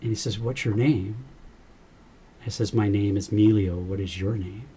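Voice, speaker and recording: A man's voice: on the low side, fairly even intonation, normal speed, dark tone, a little hiss or hum. A man, a podcast guest, earnestly recounting a personal experience and quoting the dialogue as he goes. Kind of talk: personal storytelling in a podcast interview.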